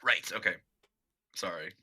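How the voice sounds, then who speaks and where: A man's voice: deep voice, unhurried, sharp tone, breathy edge. A man playing in a tabletop game, chatting in a self-deprecating, rambling way with many likes. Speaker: player. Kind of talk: casual tabletop play chat.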